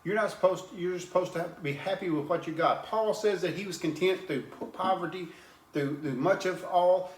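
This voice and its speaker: A man's voice: high voice, moderate pace. Earnest plain-spoken preacher man, echoey room. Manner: plain-spoken, repeats and restarts words, earnest. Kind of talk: informal sermon with scripture reading.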